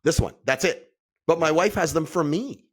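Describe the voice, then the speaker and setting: A man who is a podcast guest, telling stories in a blunt, profane, animated way. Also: fairly high pitch, moderate pace. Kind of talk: casual conversation.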